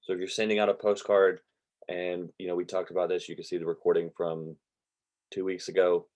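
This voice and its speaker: Low-voiced man teaching a class. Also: brisk. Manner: relaxed, rambling, drawls with y'all. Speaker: real estate investing teacher. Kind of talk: casual online class lecture. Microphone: computer mic on a video call.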